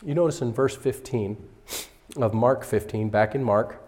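A man's voice: mid-range voice, normal speed, a little mellow. A male pastor preaching a sermon in a conversational way, sometimes acting out what people in the story say. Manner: conversational, acts out characters' voices. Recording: hall reverb.

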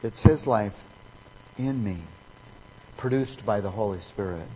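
A man's voice: fairly low pitch, unhurried, mellow, big-room sound, a little hiss or hum, poor audio. A man preaching a sermon, emphatic and fond of repeating key phrases for effect.

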